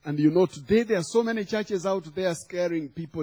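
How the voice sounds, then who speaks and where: A man delivers a sermon in a slightly higher register, his voice husky and a little breathy. He tells a humorous story and acts out the quoted lines as he goes. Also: a little fast, hardly any pauses, mellow. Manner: storytelling with acted quotes and laughter. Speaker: preacher.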